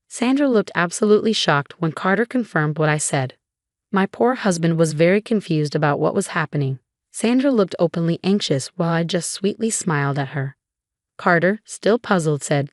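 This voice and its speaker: A woman narrating a first-person story in scripted narration, with an even, flat storytelling delivery. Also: lowish voice, moderate pace, no echo, clean studio sound.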